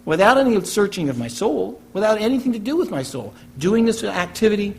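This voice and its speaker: A man's voice: sits high, very animated, a little fast, creaky, a little hiss or hum. Emphatic preaching pastor, man. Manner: emphatic preaching with repeated phrases and rhetorical questions. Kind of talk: sermon. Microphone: church recording for online message.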